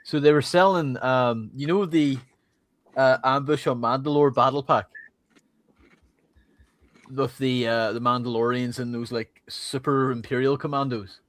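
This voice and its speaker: A man's voice: mid-range voice, steady tone, a little slow, fairly bright tone, no echo. A man co-hosting a casual podcast who talks in a laid-back way and often says "aye". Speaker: podcast co-host. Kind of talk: casual banter.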